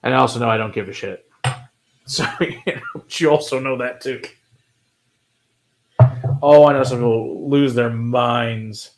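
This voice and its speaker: A man from Texas with a Texan accent, co-hosting a whiskey show in relaxed, joking chat and swearing freely. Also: mid-range voice, unhurried, pauses often. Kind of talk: casual chat.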